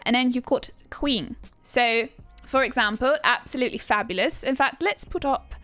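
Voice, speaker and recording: A woman's voice: high voice, a little slow, fairly bright tone, no room sound, faint music behind. A young woman streamer casually teaching, chatty and rambling, reading chat aloud with casual swearing.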